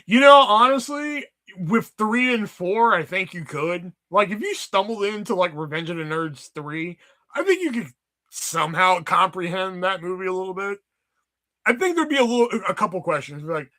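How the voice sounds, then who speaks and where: A man in his thirties hosting a casual livestream, rambling and swearing as he tells animated stories. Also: sits high, normal speed. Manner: rambling, profane, animated storytelling. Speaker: livestream host.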